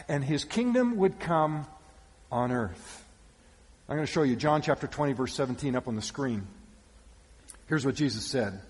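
A male pastor giving a sermon with animated storytelling, shifting between loud calls and hushed asides. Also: mid-range voice, normal speed. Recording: long reverb of a church hall.

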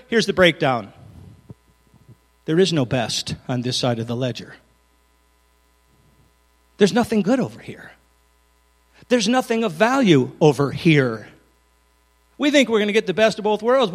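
A man preaching a sermon as pastor, earnest, moving from loud emphasis to hushed, intimate lines. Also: sits high, big-room sound.

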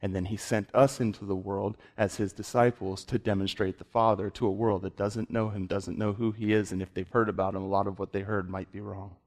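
A man's voice: on the low side, little pitch movement, brisk, few pauses, darkish tone. Impassioned male preacher delivering a sermon. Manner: impassioned, rhetorical questions, rising intensity.

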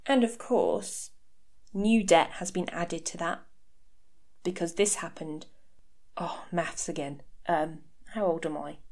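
Her voice sits on the low side, steady and a little mellow, and she takes her time. The thirtysomething host speaks candidly about her life on a home podcast mic, with sarcastic, deadpan asides.

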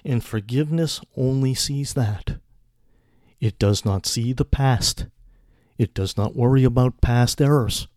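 A man preaching a sermon in a measured, deliberate way. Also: mid-range voice, a little mellow, dry recording, clean studio sound.

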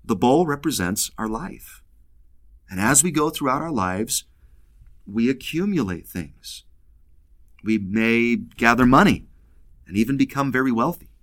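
A man's voice: mid-range voice, lively intonation, a little slow, pauses often, fairly bright tone. A man giving a casual scripture lesson, playful and humorous, acting out bits of dialogue. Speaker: scripture teacher.

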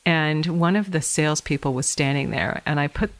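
A middle-aged woman telling her life story as a podcast guest, animated and laughing often. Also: low voice, a little fast. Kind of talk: conversational storytelling.

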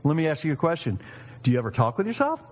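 A man in his fifties preaching a sermon, animated and jokey, acting out quoted voices. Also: on the high side, rapid-fire, big-room sound. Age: 50s. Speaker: pastor.

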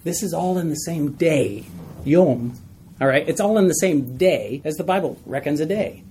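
Give me a man leading a Bible study, relaxed and talkative, with faint background noise. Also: on the high side, moderate pace. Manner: conversational, asks the group questions, tells stories with laughs.

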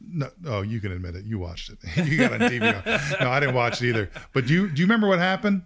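A man's voice: medium pitch, big pitch swings, fast, fairly bright tone. A middle-aged man hosting a podcast, telling a story in casual talk, laughing often and acting out quotes. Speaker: podcast host.

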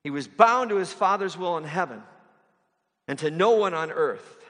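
A man's voice: on the high side, animated, moderate pace, a bit bright. A man giving a conversational sermon, asking his listeners rhetorical questions as he explains a passage. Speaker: preacher. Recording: long hall reverb.

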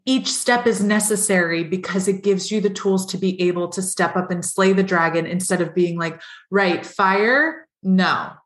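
A woman's voice: fairly low pitch, steady tone, moderate pace, hardly any pauses. A woman hosting a podcast, chatting with enthusiasm and reflection, often acting out little quoted thoughts. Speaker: podcast host. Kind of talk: casual podcast chat. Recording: roomy, echoey room sound.

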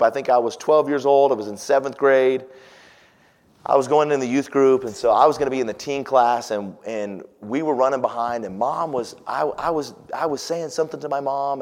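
A pastor telling a personal story in a sermon, animated, swinging from loud exclamations to hushed, tender passages. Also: male voice, mid-range voice.

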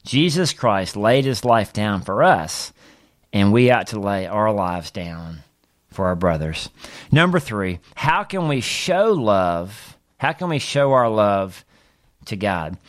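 A man, a pastor, teaching a Bible study on a podcast and reading scripture in an earnest, steady way. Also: lowish voice, takes it slowly.

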